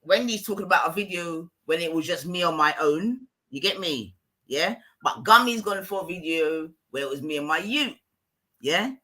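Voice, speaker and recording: A woman's voice: lowish voice, sharp tone. A woman ranting on her own live stream, emphatic and repetitive, often asking the listener whether they follow. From London.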